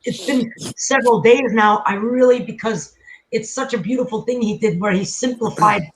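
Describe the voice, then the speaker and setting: High-voiced man rambling on a livestream. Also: normal speed, fairly bright tone, slight background noise, low-quality recording. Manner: loose and profane, trails off mid-sentence. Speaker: livestream host. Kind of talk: casual rambling livestream chat.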